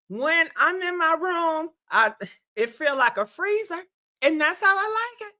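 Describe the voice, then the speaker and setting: Laughing a lot and calling her viewers y'all and honey, a woman hosts a chatty, animated livestream at an unhurried pace. Being sick has left her throat congested, roughening her high, bright voice. The recording is close and dry with no room sound.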